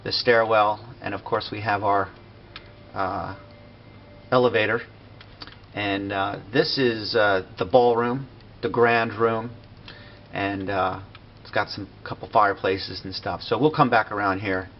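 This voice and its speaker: A man giving a casual walkthrough of a building he made in a game, relaxed and full of fillers and pauses. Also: lowish voice. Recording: dull lo-fi recording with faint noise.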